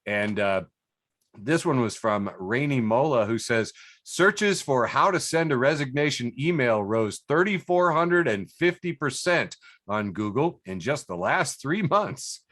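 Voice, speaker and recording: A man's voice: medium pitch, animated, a little slow, fairly bright tone, no echo. A man hosting a casual podcast chat over a video call. He reads social media posts aloud, laughs often and puts funny voices on the quotes. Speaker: podcast host.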